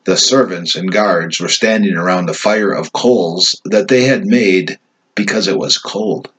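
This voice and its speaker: Low husky man reading scripture. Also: unhurried, fairly bright tone, low-quality recording. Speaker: scripture reader.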